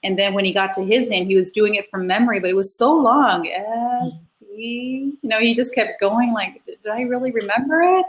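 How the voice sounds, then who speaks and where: Woman host, casual and conversational, quick affirmations. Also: mid-range voice, rough recording. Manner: brief affirming interjections. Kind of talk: casual interview chat.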